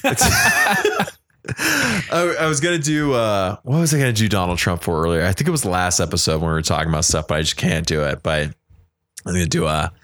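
A man's voice: low-pitched, wildly swooping pitch, a little fast, fairly bright tone. A drunk man hosting a casual podcast, rambling, swearing and losing his train of thought. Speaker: podcast host.

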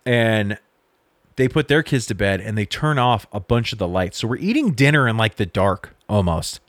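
A man's voice: fairly low pitch, sing-song, moderate pace, no echo. A young man, a podcast co-host, telling a long story in casual chat, quoting people and swearing freely. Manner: storytelling with swearing and quoted dialogue.

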